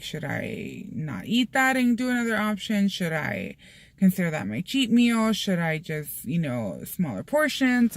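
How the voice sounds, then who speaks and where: A woman's voice: on the low side, no room sound. A young woman chatting casually to camera, full of fillers, slipping in Spanish phrases, from a Mexican-American family. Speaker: vlogger.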